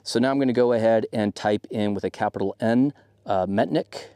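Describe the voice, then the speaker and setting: A man hosting a radio and preparedness channel, explaining a tutorial in a relaxed way with many fillers. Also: on the low side, fairly quick, clean tone, no room sound, studio quality.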